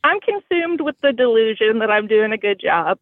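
A woman from Indiana with a Southern-sounding accent calls in over a thin, tinny phone line. Her voice sits a little high, and her humor is wry and self-deprecating. The line is dry, with no room echo. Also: sing-song, normal speed. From Bloomington, Indiana. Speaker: caller. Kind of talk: phone-in conversation.

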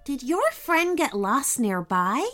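A polite, eager young girl with a high, lively voice, put on by a woman reading a children's story. She speaks carefully and kindly, with a slow, gentle delivery. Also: soft background music, heavily acted.

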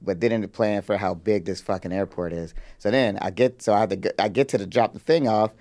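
A young man co-hosting a podcast, telling stories in laid-back, slangy casual chat and laughing loudly. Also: fairly low pitch, brisk. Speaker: podcast co-host.

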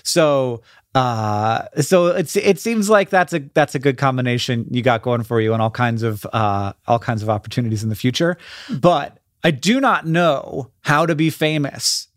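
A man's voice: mid-range voice, normal speed, no echo, clean studio sound. A man co-hosting an advice podcast, reading listener questions and answering in a rambling, self-deprecating way with frequent laughter. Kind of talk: casual chat.

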